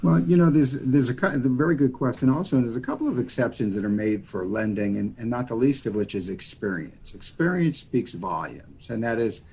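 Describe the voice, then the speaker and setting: An American mortgage lender, a guest on a casual podcast interview, explains loans in a folksy, rambling way packed with "you know." His medium-pitched voice is mellow and brisk, with hardly any pauses. There's a little hiss or hum on the recording.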